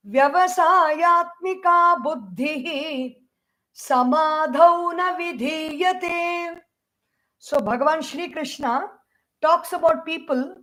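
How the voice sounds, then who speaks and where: A woman with an Indian English accent delivers a scriptural discourse in a high voice. She talks in a measured, explanatory teaching manner. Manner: measured explanatory teaching with chanted Sanskrit verses. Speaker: spiritual teacher.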